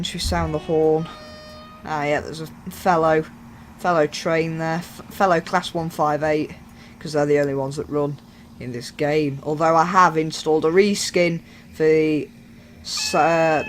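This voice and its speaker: A man with a slightly high voice gives loose, joking commentary as he plays a train simulator for YouTube. He pokes fun at himself and rambles while faint game sounds and a slight hiss or hum sit underneath.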